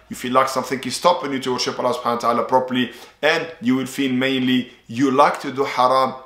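A man talks in an earnest, instructional way, going over points one after another and repeating himself for emphasis. His voice sits in an ordinary middle pitch. The room around him adds a clear echo. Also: a bit bright. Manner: earnest, repetitive explanatory delivery with religious phrases. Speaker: ruqya practitioner. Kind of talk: instructional talk.

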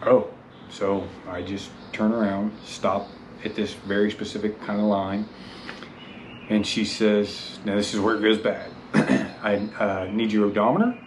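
A man's voice: on the low side, level tone, unhurried, a little hiss or hum, low-quality recording. A man telling the story of his motorcycle rally in a casual, self-deprecating way, stumbling over his words and restarting often.

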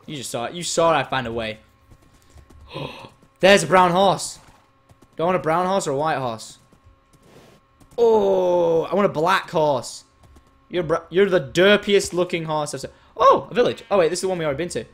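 A young man chats to his viewers while playing a game, excitable and quick to swear. His voice sits a little high, and his pitch leaps about constantly. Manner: excitable, swears freely, bursts into shouts and silly singing. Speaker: gaming video host.

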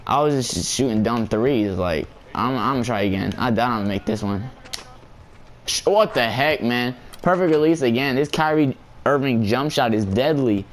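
A young man who makes gameplay videos on YouTube casually comments on his basketball game for viewers, speaking at a moderate pace in a mid-range voice. He is giggly, excitable and slangy, laughing often.

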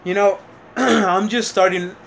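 A man's voice: high voice, fairly even intonation, takes it slowly, creaky, fairly bright tone, slight background noise. Rambling, frustrated young man vlogging. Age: young adult. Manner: rambling, frustrated, with many fillers and restarts. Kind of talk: casual vlog monologue.

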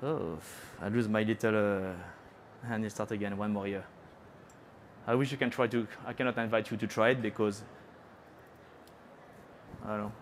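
A faint hiss or hum runs under this clip of a middle-aged French chef, who has a French accent and is cooking live on a trade-show stage. His voice is on the low side with fairly even intonation, normal speed, and long pauses. He's chatty and playful, teasing the audience and dropping in French words.

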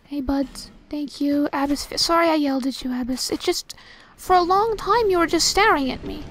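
Young woman, high voice, let's-play host. Chatty and self-talking, with easy frustration. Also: moderate pace, fairly bright tone, a little hiss or hum. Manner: rambling, self-talking, exasperated. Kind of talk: casual gameplay commentary.

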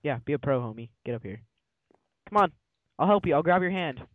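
A man's voice: on the high side, expressive, fairly quick, dry recording, phone-quality sound. A man swearing and trash-talking his friend in casual banter while playing a game together. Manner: swears a lot, playful trash talk. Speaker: let's play gamer.

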